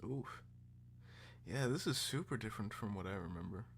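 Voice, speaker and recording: A man's voice: fairly low pitch, animated, normal speed, creaky. A man streaming casual reaction commentary, joking and swearing a lot. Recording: loud background noise.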